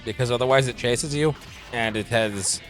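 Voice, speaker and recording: A man's voice: mid-range voice, normal speed, a bit bright. A man joining a live let's play as co-commentator, making wry jokes and offering strong opinions. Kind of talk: casual banter over gameplay. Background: faint game music.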